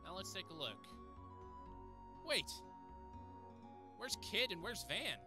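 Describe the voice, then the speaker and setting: A man's voice: sits high, big pitch swings, slow. Chatty man commentating a game. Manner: enthusiastic, chatty. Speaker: let's play host. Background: game music.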